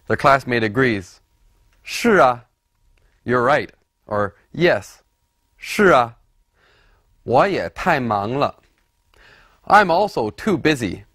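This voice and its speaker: Male teacher for scripted lesson narration: unhurried, deliberate, very animated intonation, dry studio sound. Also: medium pitch, no echo. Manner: deliberate, explanatory, models words by repeating them. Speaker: language teacher.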